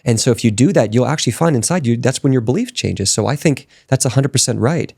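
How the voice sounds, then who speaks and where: A man talks as a podcast guest in a casual interview, with a gravelly edge and an emphatic, motivational drive. His pitch sits in an ordinary middle range and his speech stays conversational while he presses his points. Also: fast talker. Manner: emphatic, motivational, speeds up and gets excited.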